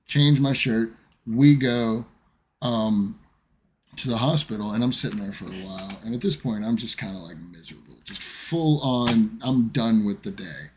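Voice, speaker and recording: A man's voice: fairly low pitch, moderate pace, a little mellow, slight background noise. An American man, a streamer, telling a profane, rambling personal story in a casual way. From United States.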